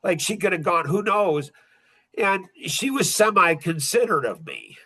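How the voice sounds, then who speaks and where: Middle-aged guy rambling on his podcast, high bright voice, blunt, keeps repeating himself. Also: sing-song, moderate pace, slightly rough. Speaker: podcast host. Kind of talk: casual podcast talk.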